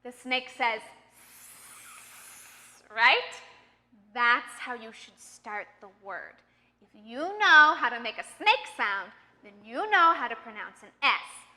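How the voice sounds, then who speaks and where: An American woman coaching accent and pronunciation with a high, bright voice. She talks clearly and patiently, coaxing learners along. The sound trails off in a long reverb. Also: big pitch swings, measured pace. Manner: clear, patient, encouraging teacher talk. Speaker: accent trainer. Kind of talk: online pronunciation lesson.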